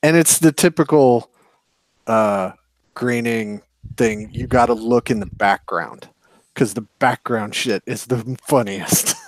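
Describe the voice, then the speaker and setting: A man's voice: medium pitch, slow, no room sound. A man playing a tabletop game, talking animatedly and laughing mid-sentence. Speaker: player. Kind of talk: casual chat and tabletop play.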